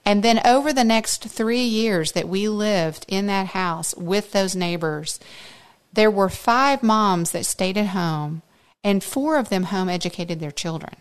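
A woman's voice: medium pitch, a little slow, clean tone. A woman in her fifties, a podcast host telling a personal story in an earnest, faith-centered way, acting out the things people said. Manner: lively storyteller who acts out quoted speech.

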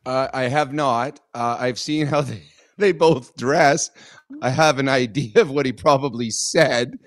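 A man co-hosting a sports show, telling a golf anecdote in relaxed casual chat. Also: mid-range voice, measured pace, no echo. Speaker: co-host.

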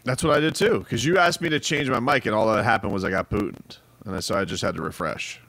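A man's voice: on the low side, quick pace, a bit bright, no room sound. A man hosting a sports radio show from home, chatting casually with wry, teasing banter.

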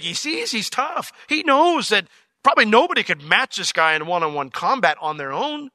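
A male pastor preaching an expository sermon in a lively, conversational way, explaining word meanings and acting out the biblical characters in casual modern speech. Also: high-pitched, dry recording.

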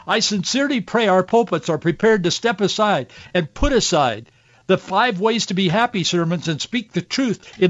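Fired-up preachy radio host guy, pretty high voice, dead dry muffled mic. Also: animated, moderate pace, dry recording. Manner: earnest and preachy, growing emotional. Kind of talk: impassioned Christian radio commentary. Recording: dull, dry studio sound.

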